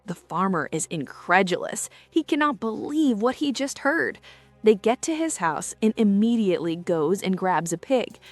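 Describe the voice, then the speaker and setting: A woman tells short jokes as scripted narration. Her delivery is steady and even, and faint music runs behind her. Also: mid-range voice, moderate pace, no echo. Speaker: joke narrator.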